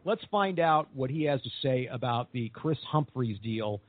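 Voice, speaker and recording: A man hosting a sports podcast, chatting with upbeat, animated optimism. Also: mid-range voice, moderate pace, no room sound. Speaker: podcast host. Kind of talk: casual sports chat. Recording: tinny phone-like sound.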